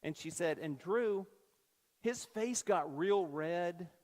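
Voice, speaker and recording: A man preaching a sermon, telling a story with lively acted-out quotes. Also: high-pitched, takes it slowly. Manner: animated storyteller acting out quoted voices. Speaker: pastor. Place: church sanctuary. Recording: long church-hall reverb.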